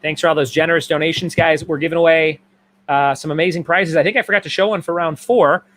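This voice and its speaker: A man's voice: on the high side, steady tone, fast talker, fairly bright tone, a little hiss or hum. Upbeat man hosting a trivia stream. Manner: reads answers and questions in repeated lists. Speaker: trivia host.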